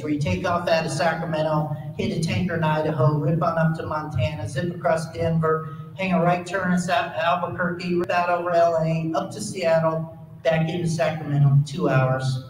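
Man telling a pilot story, animated, mimics radio chatter, distant mic, big echoey hall, background noise. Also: a little high. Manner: animated, mimics radio voices, dramatic pauses. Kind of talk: live storytelling to an audience.

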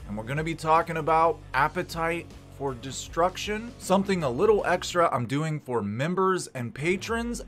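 Lively, jokey male rock vlog host. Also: a little high. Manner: jokey, irreverent, swears casually. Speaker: channel host. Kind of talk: casual rock-history vlog narration.

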